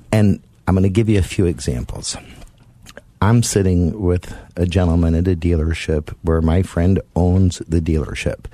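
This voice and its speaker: Low deep guy hosting talk radio, dry close sound, chatty. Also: mellow, dry recording. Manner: chatty, emphatic storytelling. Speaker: radio show host.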